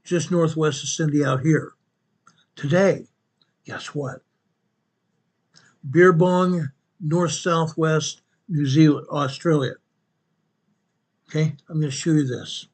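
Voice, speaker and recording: Male host with a somewhat high voice, walks through a map and reads each quake figure twice, corrects himself on the fly. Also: fairly even intonation, takes it slowly, long pauses, darkish tone. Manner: corrects himself mid-sentence. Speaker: earthquake report host. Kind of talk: narrating a map-based earthquake update.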